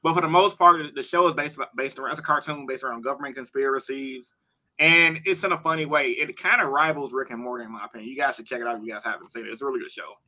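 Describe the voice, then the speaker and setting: A man co-hosting a casual podcast, talking in an animated, slangy way. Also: mid-range voice, quick pace, poor audio. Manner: animated, slangy, says "bro" a lot.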